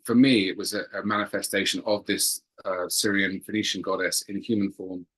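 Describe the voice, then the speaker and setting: Low, bright-toned man telling a story. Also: steady tone, a little fast, slightly rough, poor audio. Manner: earnest, searching for words, repeats phrases. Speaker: guest telling a spiritual experience. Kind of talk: earnest personal storytelling.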